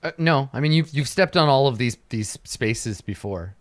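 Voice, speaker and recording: A man's voice: medium pitch, lively intonation, normal speed. A man as dungeon master, casually narrating a tabletop game and restarting phrases as he goes.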